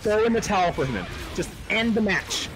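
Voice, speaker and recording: A man giving excited live stream commentary on a fighting game tournament, exclamatory and quick to laugh. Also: high voice, over music. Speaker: esports commentator.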